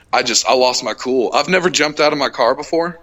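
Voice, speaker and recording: A young adult man hosting a casual podcast, telling a heated, profane road-rage story and acting out the shouting. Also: medium pitch, normal speed. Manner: profane, heated retelling, acts out shouted quotes. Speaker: podcast host.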